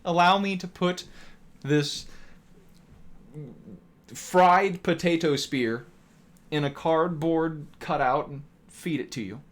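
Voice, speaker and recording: A man voicing a pompous, fawning fast-food clerk in a slow, high, overdone voice.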